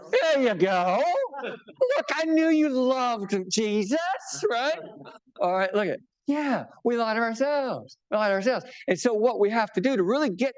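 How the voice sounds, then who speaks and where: A bishop's voice sits high as he talks about his book to a live audience. He keeps it conversational and funny, teasing himself and checking in with the crowd again and again.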